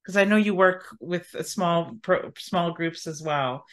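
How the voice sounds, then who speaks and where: A woman hosting a podcast interview, with a fairly low voice. She thanks her guest and asks her questions in a gentle, affirming way. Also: a little slow. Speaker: podcast host.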